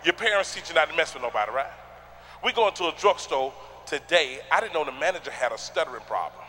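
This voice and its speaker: A man doing a stand-up comedy routine on a theater stage, loud and rowdy, shouting punchlines at the crowd. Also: on the high side, lively intonation, quick pace, a little hiss or hum.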